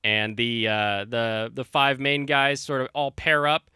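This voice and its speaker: A man's voice: medium pitch, completely flat delivery, a little slow, bright, forceful tone, smooth, no room sound, clean studio sound. A man hosting a casual stream, chatting and telling a rambling story with many fillers and restarts. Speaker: stream host. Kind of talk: casual chat.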